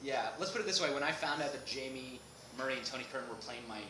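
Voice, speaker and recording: A man being interviewed as an actor on a film set, animated, laughing often and restarting sentences. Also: mid-range voice, fast talker. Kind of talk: casual interview chat. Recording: echoey noisy room.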